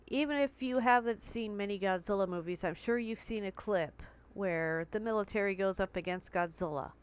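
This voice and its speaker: This woman's mid-range voice sounds clear and resonant. She films a personal, chatty vlog in her bedroom on a tablet, speaking frankly and painting vivid comparisons.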